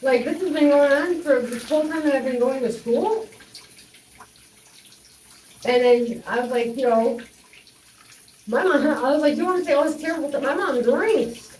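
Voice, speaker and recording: A woman's voice: high-pitched, unhurried, long pauses, darkish tone, distant mic, a little hiss or hum. A young woman telling a personal story in a rambling way, with many fillers and restarts. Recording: echoey room, voice off-mic, faint running water.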